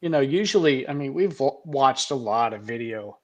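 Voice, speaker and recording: A man's voice: mid-range voice, expressive, moderate pace. A man co-hosting a casual chat, making his points emphatically.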